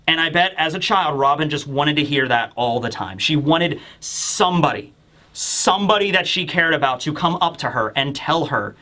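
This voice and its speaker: Bright, enthusiastic male reviewer. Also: on the high side, moderate pace. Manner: rambling, enthusiastic. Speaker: host. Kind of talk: casual manga review.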